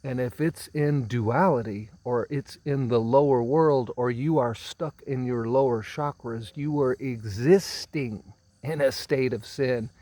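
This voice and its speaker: Slow, emphatic male spiritual teacher. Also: mid-range voice, mellow, dry recording. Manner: slow, emphatic, drawn-out phrasing with repeated words; clears throat often.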